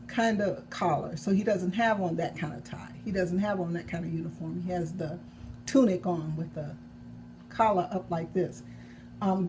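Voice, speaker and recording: A woman's voice: on the high side, a little mellow, slight background noise. A woman novelist vlogging in a casual chat about her own book, rambling and correcting herself as she goes, with the odd chuckle.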